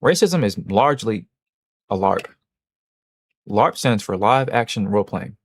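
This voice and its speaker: A man's voice: lowish voice, no room sound, studio quality. A man hosting a livestream, chatting casually and answering his chat in a rambling, joking, self-mocking way with many restarts. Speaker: livestream host.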